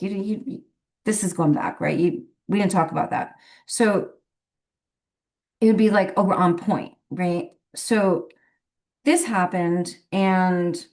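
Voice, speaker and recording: A professional medium with a lowish, slightly mellow voice tells a rambling story in a casual, chatty way. She laughs often between phrases.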